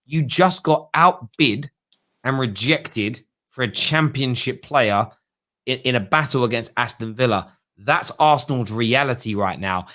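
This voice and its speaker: A man's voice: mid-range voice, measured pace, a bit bright. A young man hosting a football fan show, chatting casually with callers and mocking others in whiny put-on voices.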